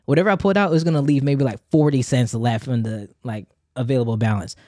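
A man's voice: mid-range voice, fast, dark tone, no room sound, clean studio sound. A man co-hosting a casual chat, telling a story animatedly and acting out both sides of the conversations. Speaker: podcast co-host.

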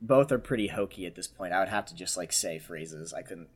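A man's voice: low-pitched, animated, a little fast, breathy edge. A man talking loosely about playing characters on a tabletop game show. He rambles and peppers his talk with fillers, often trailing off. He keeps it easy and conversational. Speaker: tabletop game podcast player. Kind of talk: casual chat.

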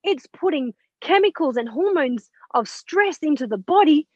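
A woman's voice: sits high, moderate pace, dry recording. A woman being interviewed as an author and mentor, telling her story casually and acting out the lines of the people in it, with some blunt swearing. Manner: animated, acts out quoted dialogue, blunt with mild swearing. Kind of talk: conversational storytelling. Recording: dull, dry lo-fi audio.

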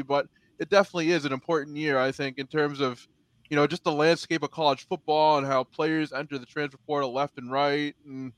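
A man co-hosting a sports podcast, measured and hedging in casual chat. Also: fairly high pitch, a bit bright, no room sound. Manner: measured, hedging with you know. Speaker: podcast co-host.

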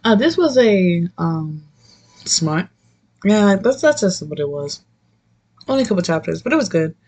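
Brief: young woman, low gravelly voice, loose and profane manga chat. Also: sing-song, a little slow, darkish tone. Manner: rambling, profane, laughing often. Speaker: manga reviewer. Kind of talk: casual chat.

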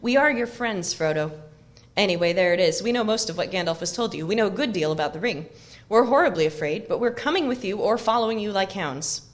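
A woman voicing a clever, loyal young male hobbit in an audiobook reading, brisk and confiding. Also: mid-range voice, lively intonation, natural voice.

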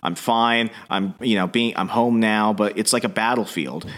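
A man's voice: fairly low pitch, normal speed, a bit bright, natural voice. A man voicing a young paralyzed ex-Marine, speaking in a frantic, pleading way. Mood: frustrated. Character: paralyzed young male ex-Marine, panicked and desperate.

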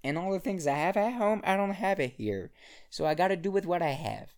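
A man's voice: sits high, expressive, brisk. A young man hosting his own podcast, talking alone and casually from an apartment in the mountains, rambling and swearing with lots of restarts. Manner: rambling, profane, frequent restarts. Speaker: podcast host. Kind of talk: casual solo podcast monologue. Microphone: own podcast microphone.

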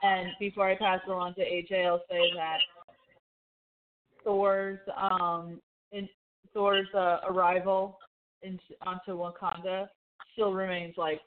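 Flat, low-voiced woman host on a phone line. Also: unhurried, long pauses. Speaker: podcast host. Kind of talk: casual movie review chat.

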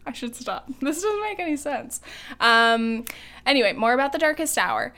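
A woman's voice: high-pitched, animated, moderate pace, bright, forceful tone. A young adult woman co-hosting a podcast in casual chat, chatty and giggly, with lots of ums and likes. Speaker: podcast co-host.

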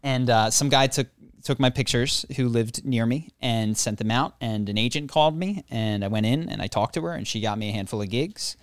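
A man in his own casual chat, telling a story with lots of animation and mock voices. His pitch sits in the middle for a man, and the sound is dry and close, with no room behind it. He pokes fun at himself as he goes. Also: fairly quick, dry recording. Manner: animated, acts out quoted voices, laughs often; self-deprecating humor.

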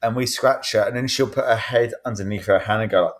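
A man's voice: lowish voice, fairly quick. A man in casual podcast chat, telling a rambling anecdote and acting out the quotes. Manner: rambling storyteller, animated retelling with quoted voices. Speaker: podcast panelist.

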